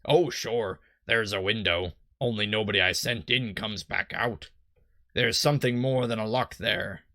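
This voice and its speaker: A man voicing a gruff, weathered male harbor captain in a rough pirate-style put-on voice, reading game dialogue aloud. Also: fairly low pitch, unhurried, pushed and bright, no echo, studio quality.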